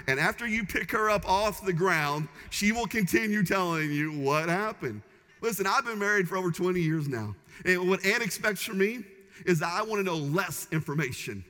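A man's voice: sits high, pushed and bright. Emphatic male pastor in a reverberant hall. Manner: emphatic, repetitive preaching cadence. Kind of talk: sermon. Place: church sanctuary. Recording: long reverb of a large church hall.

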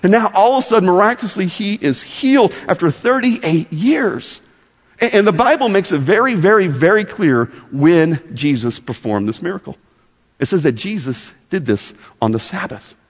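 A man teaching a Bible lesson as a story, animated and often repeating words as he starts. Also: sits high, moderate pace. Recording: long echoey hall reverb.

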